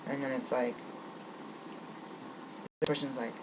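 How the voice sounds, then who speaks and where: A woman's voice: very deep voice, fairly even intonation, fairly quick. Agitated woman ranting over air-con hum. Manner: rambling, agitated ranting with many restarts. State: riled up, angry. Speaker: vlogger. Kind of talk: venting vlog monologue.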